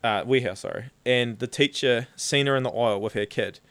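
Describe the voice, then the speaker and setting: A New Zealand man in his thirties talks at a rapid clip in a mid-pitched voice. He tells his stories in an animated, casual, sweary way as a podcast guest. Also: background noise. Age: 30s. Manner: animated, swearing freely, frequent "like". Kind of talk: casual storytelling chat.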